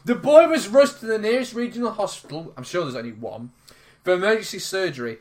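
A man's voice: high voice, animated, brisk. A man co-hosting a casual comedic podcast, reading odd news stories aloud and laughing through them.

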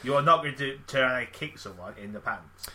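A man's voice: mid-range voice, expressive, fairly quick, sharp tone. A man co-hosting a podcast, blunt and jokey, swearing freely in crude banter. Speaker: podcast co-host.

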